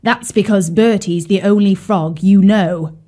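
A woman's voice: mid-range voice, a little slow, dark tone, natural voice. A woman voicing a grumpy, rude male carp in a children's storybook, who talks in a snappish, scornful way.

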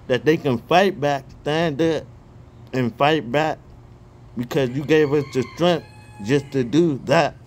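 A man praying fervently and reading scripture aloud outdoors, excitable and stumbling over repeated words, speaking each punctuation mark aloud. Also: medium pitch. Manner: reads punctuation marks aloud. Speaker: online Bible reader.

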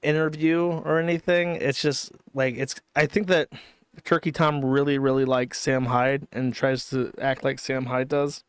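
A man's voice: medium pitch, level tone, unhurried, smooth, no room sound, clean studio sound. A man hosting a commentary stream, talking in a casual, profane and sardonic way. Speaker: streamer host.

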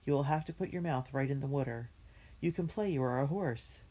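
A steady older brother from a storybook, calm and in charge, giving the younger ones firm directions, as a woman reader voices him. He sounds dependable. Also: extremely low pitch, brisk, slightly rough. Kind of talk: storybook reading.

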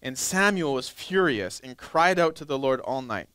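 A young male pastor preaching a sermon, reading scripture slowly and acting out pleading churchgoers in a higher voice. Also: expressive, pushed and bright, clean tone, dry recording. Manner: reads scripture slowly, then acts out pleading churchgoers in a high voice.

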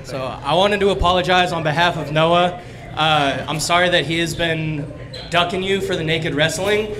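A man giving judge's feedback at a comedy contest in a dry, joking, relaxed way. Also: on the high side, normal speed, a crowd in the background.

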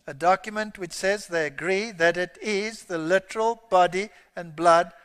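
A man's voice: sits high, moderate pace, a bit bright, smooth. A man preaching a sermon, reading scripture aloud with emphatic, rising exclamations. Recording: long hall reverb.

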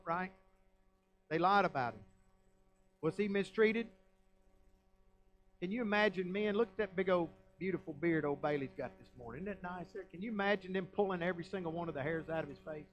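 A man's voice: high-pitched, normal speed, pauses often, fairly bright tone, soft background music, poor audio. A man with a Southern American accent, a pastor preaching a folksy, emphatic sermon full of rhetorical questions. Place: church sanctuary.

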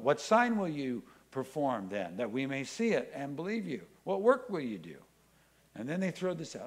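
Man, pastor, sermon, expressive delivery, scripture reading, mid pitch. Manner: expressive preaching, reads scripture aloud and acts out the voices in it. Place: church.

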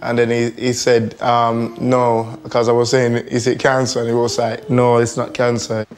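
Flat-voiced man, heard from far off. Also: mid-range voice, moderate pace. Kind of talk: interview.

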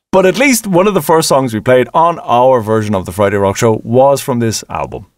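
A man co-hosting a podcast about albums, chatting casually and excitedly, with the odd swear word. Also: medium pitch, moderate pace, no room sound. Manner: enthusiastic, swears casually, acts out quotes. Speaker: podcast co-host. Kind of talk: casual chat.

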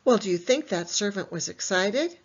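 In lo-fi audio, a woman speaking at a moderate pace in a mid-range voice leads a lively Bible lesson for small children. She quizzes them and supplies the answers on her own.

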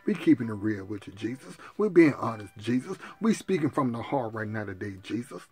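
A man's voice: medium pitch, very animated, fairly quick, a little mellow, faint music behind. A male preacher, praying fervently and calling out to his sisters and brothers in a sermon. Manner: fervent preaching, repetitive cries to Jesus; addresses listeners as sisters and brothers. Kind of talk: sermon and spoken prayer.

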